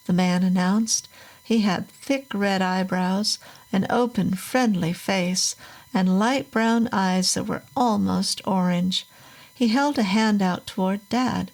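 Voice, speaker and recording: Woman narrator, scripted horror story, slow measured delivery, mid pitch. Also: vocal fry, rough recording.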